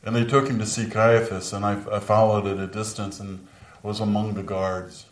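A man playing Peter, deep and grieving. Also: little pitch movement, normal speed, natural voice. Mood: grave. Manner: earnest, dropping to whispers at moments of grief. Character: remorseful apostle Peter recalling his denial. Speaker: dramatic monologue performer. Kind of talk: first-person dramatic monologue. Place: large room with a live audience. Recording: roomy sound from a distant mic.

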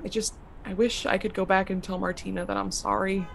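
A woman's voice: mid-range voice, level tone, a little fast, gravelly, slight background noise, close to an everyday voice. A woman voicing a bitter, self-loathing young male writer in an audio drama, anguished, her voice climbing and breaking. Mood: despairing.

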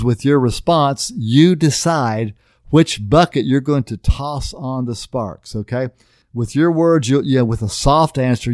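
A middle-aged man gives a conversational sermon in a folksy, down-to-earth way. His pitch sits in an everyday middle range, and he often pauses to ask "okay?". The sound is close and dry. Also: darkish tone, dry recording. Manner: folksy, repeatedly asks "okay?". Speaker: pastor.

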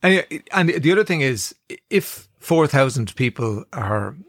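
A man in his fifties with an Irish accent hosts a radio talk show. His voice is mid-pitched and recorded dry and close. He chats conversationally and pauses now and then to think. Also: very animated, dry recording. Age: 50s. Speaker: radio host. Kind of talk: casual chat.

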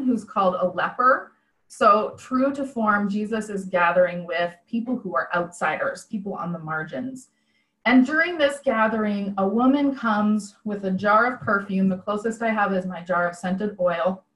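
A woman's voice: mid-range voice, moderate pace, fairly bright tone, roomy sound, rough recording. Woman preaching over a video call. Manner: plain-spoken, reflective storytelling. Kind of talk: conversational online sermon.

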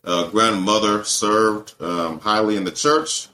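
A man from Atlanta, a guest on a podcast, talking in a halting, casual way with many pauses and fillers. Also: lowish voice, fairly even intonation, sharp tone. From Atlanta, USA. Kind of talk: casual conversational interview.

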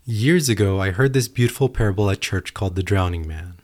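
A man's voice: low-pitched, fairly quick. A man hosting a solo podcast, talking earnestly and telling a parable. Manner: earnest, storytelling. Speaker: podcast host. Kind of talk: reflective solo podcast talk.

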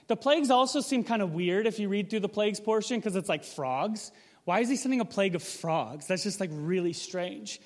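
Speaking in a large hall, a male pastor delivers a sermon in a relaxed, conversational style. His voice is high-pitched, and he keeps asking the audience rhetorical questions.

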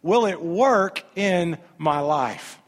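A male pastor preaching a sermon, animated, swinging from hushed lines to loud ones. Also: fairly high pitch, drawn-out words. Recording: long hall reverb.

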